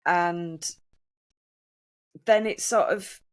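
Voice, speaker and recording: A woman's voice: lowish voice, fairly even intonation, very slow. A woman hosting a casual podcast interview, affirming her guest and asking follow-up questions. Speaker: podcast host.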